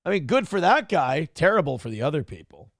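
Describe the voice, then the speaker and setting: Gravelly, crude male show host. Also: fairly high pitch, very animated, fairly quick, no room sound, studio quality. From Minnesota, USA. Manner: crude, irreverent, rambling. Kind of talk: casual commentary reading live chat.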